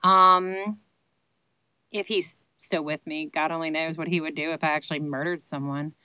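A woman's voice: low-pitched, steady tone, normal speed, sharp tone, clean tone, dry recording, poor audio. A woman in her late thirties with a Southern accent, chatting casually to camera and answering questions in a rambling, self-deprecating way full of ums. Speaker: vlogger answering viewer questions. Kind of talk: casual chat.

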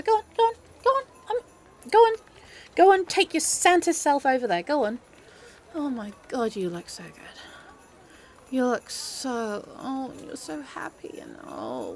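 A woman playing a sarcastic Christmas-hating girl. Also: sits high. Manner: exasperated, mocking, dramatic. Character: grumpy sarcastic young woman who hates Christmas. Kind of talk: audio role-play.

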